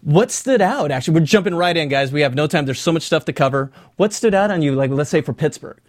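Energetic higher-voiced male podcast host. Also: fast talker, no room sound, studio quality. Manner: energetic, rambling, self-deprecating. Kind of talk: casual chat.

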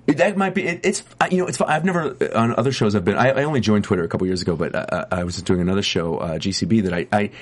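Stammering, low-voiced male actor. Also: very fast, few pauses. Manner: rambling, many restarts and stammers. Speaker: actor, interview guest. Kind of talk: casual chat.

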